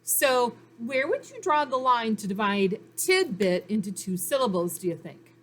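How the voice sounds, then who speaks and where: A woman's voice: on the high side, very animated, moderate pace, fairly bright tone. A woman teaching a phonics lesson to young children, sounding out letters and syllables in a patient, encouraging way. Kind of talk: recorded reading lesson for children.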